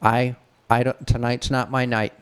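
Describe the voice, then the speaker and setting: A man's voice: mid-range voice, level tone, measured pace, clear, resonant tone. A middle-aged man from the Detroit area telling a story in casual talk, frank and profane, acting out the voices of people he quotes. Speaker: podcast co-host telling a story.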